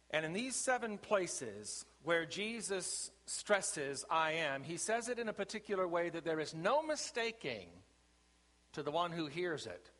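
A man's voice: fairly high pitch, a bit bright. Emphatic preaching man in a reverberant church. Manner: slow, emphatic preaching with deliberate pauses. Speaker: pastor. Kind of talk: sermon. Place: church sanctuary. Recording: long reverb of a church sanctuary.

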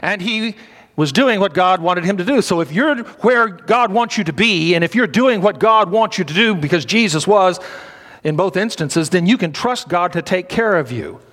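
A man's voice: high-pitched, animated, normal speed, a bit bright. A man preaching a sermon in an emphatic style, repeating phrases and prompting his listeners for responses. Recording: long reverb of a large hall.

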